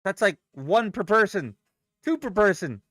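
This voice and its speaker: A man's voice: sits high, lively intonation, measured pace, fairly bright tone, no room sound, clean studio sound. A young man chatting casually on a live trading stream, swearing and rambling as he reacts to chat and charts. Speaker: livestream day trader.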